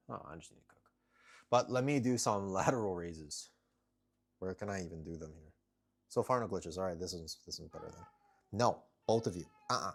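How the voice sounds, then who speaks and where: A man with a deep, low voice chats loosely with his viewers on a home live stream. He talks through his workout and tells off his cats now and then, with the cats heard in the background. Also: creaky, breathy edge. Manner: chatty, talks to viewers and cats while working out. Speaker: livestreamer. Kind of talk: casual live-stream chat. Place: home, kitchen corner.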